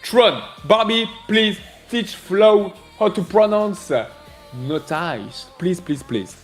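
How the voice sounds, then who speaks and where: A man's voice: high voice, expressive, slow pace, faint music behind. Playful man hosting a stream. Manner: playful, laughs often, reads chat messages aloud. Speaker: live trading stream host. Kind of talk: casual live-stream chat.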